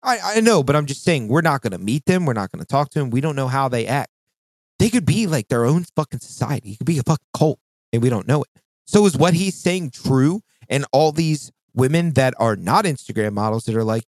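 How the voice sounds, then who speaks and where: A man co-hosting a casual podcast, talking with a lively, swinging pitch and breaking into exaggerated mock voices. He swears freely and keeps it loose. The sound is close and dry, with no room around it. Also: a little fast, no room sound. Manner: animated, swearing, mimics voices with big pitch jumps. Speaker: podcast co-host.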